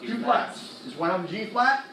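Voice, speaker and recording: High-voiced man quizzing a class. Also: a little hiss or hum. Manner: animated, quizzing the class with quick questions and slang like "dig?". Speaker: music theory teacher. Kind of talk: classroom lecture. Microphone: laptop recording the lecture. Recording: echoey classroom from a distance.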